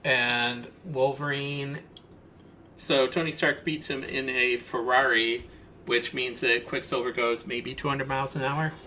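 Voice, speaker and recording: A man's voice: mid-range voice, fairly even intonation, unhurried, sharp tone, a little hiss or hum. A man co-hosting a podcast, walking through comic-book details analytically with frequent ums and uhs. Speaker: podcast co-host. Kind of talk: casual comic-book discussion.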